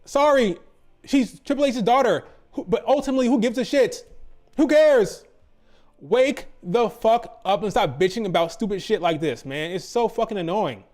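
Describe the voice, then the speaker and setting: Guy with a high voice ranting and swearing nonstop, exasperated, faint music under it. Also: lively intonation, normal speed, darkish tone. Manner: exasperated, profane, repetitive ranting. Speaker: wrestling commentary host. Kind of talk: ranting commentary to camera.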